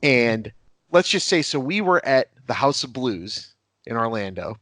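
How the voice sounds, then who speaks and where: A man's voice: medium pitch, big pitch swings, measured pace, a bit bright, no echo. Laughing man telling rambling stories. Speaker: podcast guest. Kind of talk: casual anecdotal storytelling.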